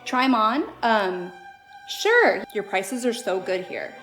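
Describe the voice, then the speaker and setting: A woman's voice: mid-range voice, very animated, slow pace, fairly bright tone, soft background music, low-quality recording. A woman playing an awkward, hesitant, confused shopper. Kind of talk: comedy sketch acting.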